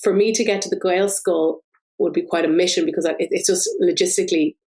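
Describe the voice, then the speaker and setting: A middle-aged Irish woman from Dublin, a podcast guest telling lively stories in a casual chat. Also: fairly low pitch, rough recording. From Ireland. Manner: lively, animated storytelling with quick asides.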